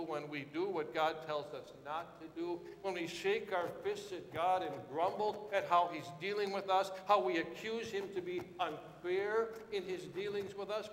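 A man preaching a sermon with dramatic swings, rising to shouted quotes and dropping low and quiet. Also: echoey room, in a large hall, a little hiss or hum.

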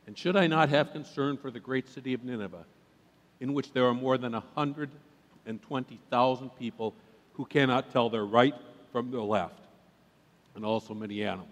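A man voicing God, speaking in a calm, measured and quiet tone of gentle rebuke, read aloud within a sermon. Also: mid-range voice, big-room sound, pitched below the performer's own voice, lightly acted. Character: God, calm patient voice of the Lord.

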